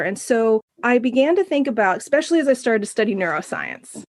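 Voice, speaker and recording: Earnest woman coach, high dry voice. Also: fast talker, dry recording. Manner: earnest, animated storyteller. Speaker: guest, abuse recovery coach. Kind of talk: interview conversation.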